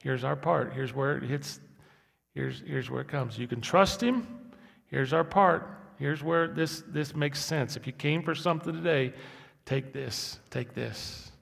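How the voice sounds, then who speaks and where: A man preaching a sermon as pastor, moving from quiet talk to loud, emphatic repetition. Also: mid-range voice, unhurried, creaky. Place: church hall. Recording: echoey hall, long reverb.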